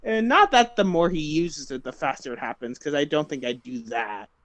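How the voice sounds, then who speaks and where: Young man, role-play player, teasing and laughing, higher voice, dry sound. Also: animated, moderate pace, fairly bright tone, no echo. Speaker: player in a tabletop game. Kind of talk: casual chat with a sibling.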